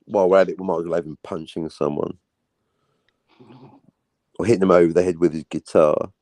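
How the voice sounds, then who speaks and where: A man's voice: low-pitched, steady tone, brisk, warm tone, no echo, poor audio. A man hosting a casual livestream, rambling and joking, swearing often as he talks about his comic. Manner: rambling, jokey, swears a lot. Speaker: livestream host and comic creator.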